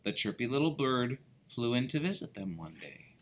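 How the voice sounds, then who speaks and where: A man reading a children's book aloud as a storyteller, expressive and playful. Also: mid-range voice, normal speed.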